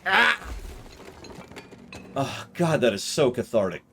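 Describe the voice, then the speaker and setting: A man's voice: lowish voice, big pitch swings, moderate pace, fairly bright tone, a little hiss or hum. A man streaming a video game live, reading in-game documents aloud between joking asides. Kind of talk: live gameplay commentary.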